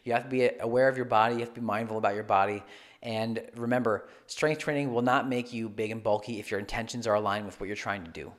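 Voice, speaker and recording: A man's voice: on the low side, fairly even intonation, fast. A man co-hosting a fitness podcast, talking in an earnest, encouraging way. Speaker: podcast co-host, fitness coach. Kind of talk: casual podcast chat.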